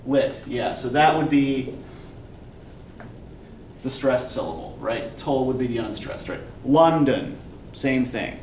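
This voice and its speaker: A man's voice: mid-range voice, measured pace, long pauses. A male college English instructor giving a classroom lecture, explaining patiently and often checking in with "right?". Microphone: recorder at a distance in the room. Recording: roomy distant classroom recording with faint background noise.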